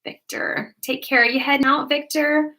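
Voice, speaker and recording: An American woman hosts a casual livestream, her voice bright and forward. She chats warmly with viewers and laughs often while answering their comments. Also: high voice, steady tone, measured pace. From United States. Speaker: livestream host.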